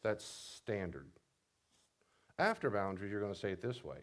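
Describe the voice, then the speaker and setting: A man's voice: sits low, animated, fairly quick. A male pastor giving a teaching talk, emphatic and repeating his key points. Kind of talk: teaching talk on marriage counseling.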